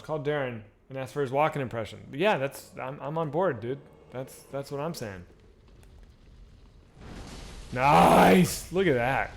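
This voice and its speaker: A man's voice: medium pitch, slight background noise. A man streaming a video game, chatting casually with viewers and swearing freely as he plays. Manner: animated, swears freely, chats back to viewers. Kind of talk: casual live-stream commentary while gaming.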